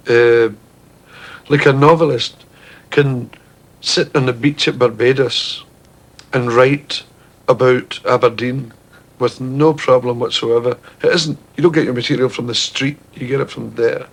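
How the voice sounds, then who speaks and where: A Scottish man with a Glaswegian accent, a comedian telling stories on stage and talking about his material in an animated way. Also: moderate pace. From Scotland. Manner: animated, jumps into shrieking high voices for characters. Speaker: stand-up comedian. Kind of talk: stand-up storytelling. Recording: faint hiss, 1970s TV recording.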